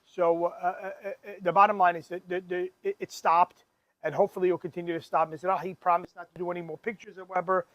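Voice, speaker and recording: A man's voice: sits high, little pitch movement, quick pace, no room sound, highs cut off. A man co-hosting a podcast, telling stories in casual chat, often laughing and stumbling over restarts. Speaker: podcast co-host.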